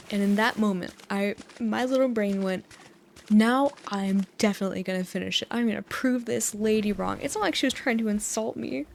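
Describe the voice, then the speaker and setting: A woman's voice: fairly high pitch, a little hiss or hum. A young woman in her twenties from the US, chatting and telling meandering stories with frequent giggles while she plays a game at home on a close dynamic mic. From United States. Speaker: gaming YouTuber. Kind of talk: rambling sleep-time gameplay chat. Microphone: USB dynamic mic close up.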